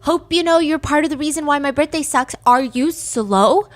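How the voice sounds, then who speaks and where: A woman's voice: sits high, moderate pace, pitched above the performer's own voice, close to an everyday voice. A woman voicing a bratty, furious young woman who insults and mocks the people around her, in a storytelling video. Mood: mocking.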